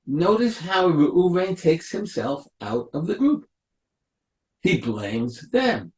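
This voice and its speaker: A man, a rabbi, giving a Torah lecture, explaining slowly and acting out the quotes of biblical figures. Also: on the high side, very animated, a little mellow. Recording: echoey room.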